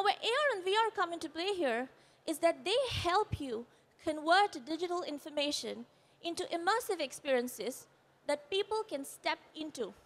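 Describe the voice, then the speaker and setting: A woman's voice: high-pitched, a bit bright. A woman with an Indian English accent giving a conference presentation, explaining earnestly while her voice quivers after an accident. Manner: earnest, explanatory, with brief apologies. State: voice quivering, shaken. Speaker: conference speaker. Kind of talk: presentation talk. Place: conference stage.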